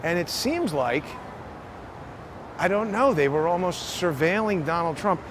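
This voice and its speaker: A man's voice: high voice, expressive, a little slow. A man hosting a vlog, talking in a casual, musing way with restarts as he walks outdoors on a city street. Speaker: vlog host. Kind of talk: casual walking monologue. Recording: loud street traffic noise.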